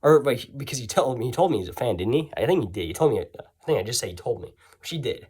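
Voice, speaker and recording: A man's voice: mid-range voice, expressive, fast, darkish tone, slightly rough. Rambling, sarcastic young man telling a story. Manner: rambling, sarcastic, self-interrupting. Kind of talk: casual storytelling.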